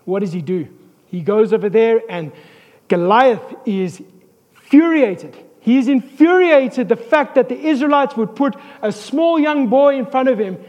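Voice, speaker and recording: A pastor preaches an animated sermon, slipping in jokes and calling for amens. His voice sits very high for a man. Long hall reverb carries every line. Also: measured pace. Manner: animated, joking asides, calls for amens.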